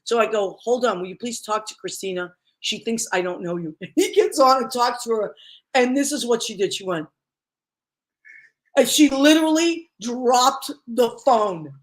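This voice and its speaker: A woman's voice: on the high side, animated, moderate pace. Effusive woman host telling a story. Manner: effusive, storytelling with many exclamations. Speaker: talk show host. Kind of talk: casual interview chat.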